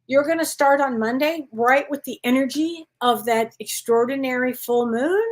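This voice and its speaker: High-pitched and speaking at normal speed, a woman hosting a live-stream psychic reading show rambles chattily, endearing herself to viewers with honey and sweetheart while constantly restarting and self-correcting.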